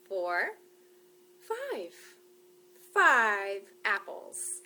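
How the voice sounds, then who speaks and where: A woman's voice: mid-range voice, fairly bright tone, a little hiss or hum. A woman leading a toddler storytime, reading and doing counting rhymes in a sing-song, playful way with whispers and gasps. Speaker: children's librarian.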